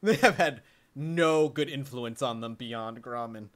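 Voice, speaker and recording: A man's voice: mid-range voice, unhurried, fairly bright tone. A man playing a tabletop game, making wry joking asides. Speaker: player. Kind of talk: casual chat.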